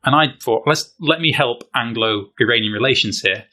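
At normal speed and in a mid-range voice, a British fencer on as a guest relates a funny anecdote in a casual chat. He tells it with animation and self-deprecation, using British slang.

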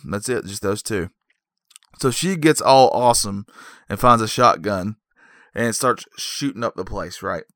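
A man giving a rambling, jokey recap of a horror film as a movie reviewer, with deadpan asides. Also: fairly low pitch, dry recording, studio quality.

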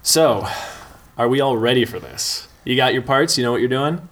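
A man's voice: mid-range voice, expressive, normal speed, fairly bright tone. A man hosting a comedy table read, wry and self-deprecating, casting players and reading stage directions. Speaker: comedy writer and host. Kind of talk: improv comedy banter.

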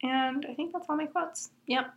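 A woman's voice: high voice, steady tone, normal speed, a bit bright, lo-fi sound. A woman co-hosting a casual podcast chat, gushing as she reads out favorite book quotes. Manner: gushing, enthusiastic fan. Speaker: podcast co-host.

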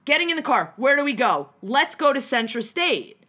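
Young woman, bright voice, fairly high, animated storytelling, profane, rambling restarts, casual chat. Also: normal speed. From New Jersey.

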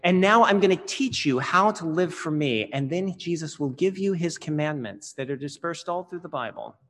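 A pastor preaches earnestly, his sermon swelling to emphatic peaks on key phrases. His voice is on the high side, expressive and fairly bright, at a moderate pace, with the long reverb of a large hall.

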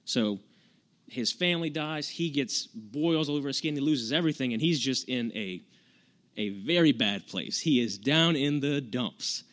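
A man's voice: medium pitch, lively intonation, normal speed, a bit bright. A man preaching an informal sermon, earnestly retelling scripture in plain, everyday words with frequent restarts.

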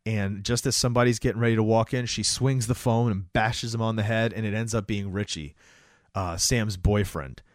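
A man co-hosting a casual talk show, retelling a film scene by scene with lots of fillers and quick acted-out lines. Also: on the low side, no room sound, studio quality. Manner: animated retelling, acts out lines, many fillers. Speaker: podcast co-host recapping a movie. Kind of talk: casual chat.

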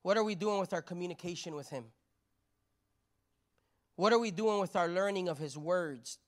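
A woman's voice: fairly low pitch, moderate pace. A woman preacher giving a sermon in a conversational way, with rhetorical repeated questions and a habit of asking "right?".

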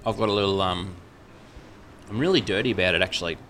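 Deep-voiced Australian man, bright tone. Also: fast, slight background noise. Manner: relaxed, rambling, lots of fillers. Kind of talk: casual chat.

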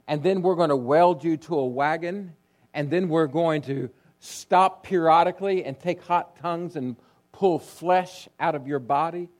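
A male pastor preaching a sermon, telling stories with drama, dropping to a hush and then rising loud. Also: on the high side. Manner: dramatic storytelling, swinging between hushed and loud.

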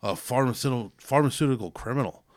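A man's voice: mid-range voice, quick pace, no echo, studio quality. A man in his thirties telling rambling, crude stories in casual podcast chat, now and then slipping into a mocking twangy redneck voice. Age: 30s. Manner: rambling storyteller, slips into a put-on twangy redneck voice. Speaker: podcast host.

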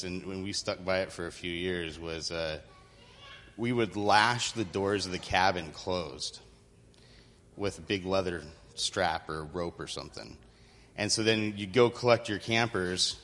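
A man telling a funny camp story to a congregation, animated and laughing often as he acts out quotes on a handheld microphone. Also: low-pitched, slight background noise. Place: church hall. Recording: reverberant hall with faint ambience.

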